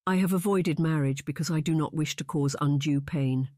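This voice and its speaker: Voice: medium pitch, moderate pace, no echo, clean studio sound, close to an everyday voice. Narrator reading a weary, lovesick young lady. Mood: wistful. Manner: hushed, resigned delivery. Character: lovelorn young noblewoman, wistful and weary. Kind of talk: audiobook character reading.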